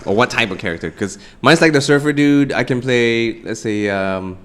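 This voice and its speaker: A man's voice: mid-range voice, normal speed, a bit bright, slight background noise. A man co-hosting a podcast, chatting casually in a playful, teasing way. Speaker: podcast co-host. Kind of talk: casual chat.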